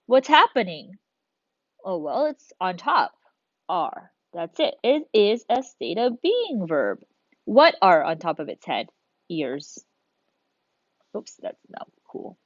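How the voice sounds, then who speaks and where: A woman's voice: fairly low pitch, big pitch swings, slow, no room sound, lo-fi sound. A woman teacher recording a video lesson for children, talking her students through each step with encouragement.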